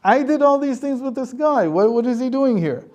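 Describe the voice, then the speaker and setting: A man voicing the Satan as a gloating, indignant male devil with a raised, excited voice in a told story. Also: high voice, normal speed, husky, muffled recording, voice pushed up, full character voice.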